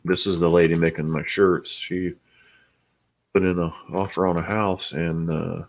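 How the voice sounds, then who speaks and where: Deep-voiced, blunt-talking man. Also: level tone, unhurried. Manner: casual and blunt, swears freely. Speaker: host. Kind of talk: casual live-stream chat.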